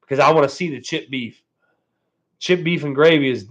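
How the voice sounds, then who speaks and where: A man's voice: fairly high pitch, unhurried, pauses often. A man hosting a casual live stream from home. He chats with viewers in a laid-back way, keeps thanking them and ends his phrases with "man". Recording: dull lo-fi stream audio.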